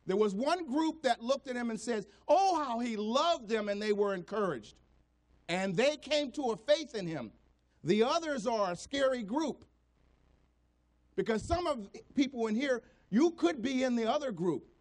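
A man preaching a sermon, swinging between hushed, low passages and raised, emphatic ones, voicing scripture and imagined doubters as he goes. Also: lively intonation, unhurried. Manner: voices scripture and imagined doubters in quoted speech. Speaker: pastor.

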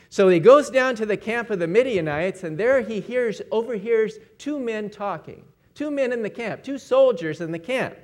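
A man preaching a sermon, retelling stories and briefly acting out the quoted lines. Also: high voice.

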